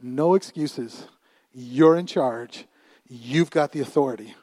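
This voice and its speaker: In this sermon, a middle-aged pastor is animated and laughs often, going quiet to a hush and then rising loud, with frequent repetition of his words. His voice is mid-range and slow-paced, with no room sound.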